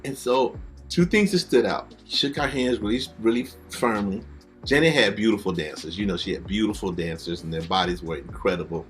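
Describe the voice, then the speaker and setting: A man's voice: lowish voice, fairly quick, faint music behind. A middle-aged man, a backup vocalist, telling stories casually and animatedly, acting out the people he quotes. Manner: animated, acts out quoted voices. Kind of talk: casual storytelling.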